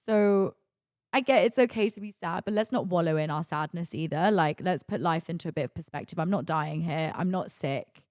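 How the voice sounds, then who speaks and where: A young woman in her twenties talks through her week on her own podcast. Her voice sits a little low, and her speech is rambling and confiding, full of "like". The sound is close and dry, with no room around it. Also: normal speed, a little mellow, no room sound. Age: 20s. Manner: confiding, rambling, heavy use of "like". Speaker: podcast host. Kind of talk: candid solo podcast monologue.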